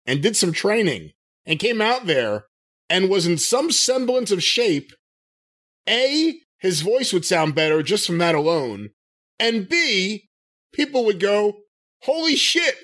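Animated, high-voiced man co-hosting. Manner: animated, jokey, laughs easily. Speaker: podcast co-host. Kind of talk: casual podcast chat, reading quotes and listener questions.

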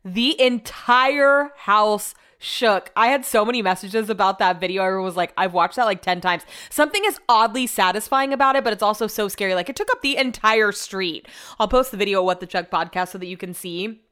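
A woman's voice: mid-range voice, fairly bright tone, clean tone. A young woman hosting a podcast, telling everyday stories in a casual, rambling way with frequent laughs. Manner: chatty, rambling, quick to laugh. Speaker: podcast host. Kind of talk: casual solo chat.

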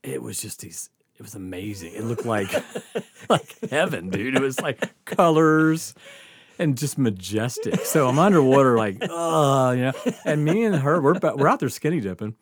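A man's voice: mid-range voice, animated, moderate pace. A man telling a rambling, laugh-filled story as a podcast guest, swearing freely and stumbling over his words. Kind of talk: casual storytelling.

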